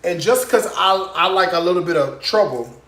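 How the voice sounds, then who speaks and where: In an echoey room with faint noise, a man hosts a live cooking demonstration with a sales pitch, talking sassily and straight to his viewers. He chats constantly, checks in often with frequent "okay?" tags, and speaks at normal speed in a high, slightly bright voice with lively intonation.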